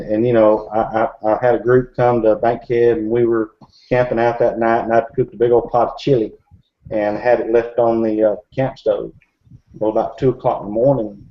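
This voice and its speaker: A man chatting casually in a group discussion, rambling with many fillers and restarts. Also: lowish voice. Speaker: Bigfoot researcher in a group discussion. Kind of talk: casual chat. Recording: dull lo-fi recording.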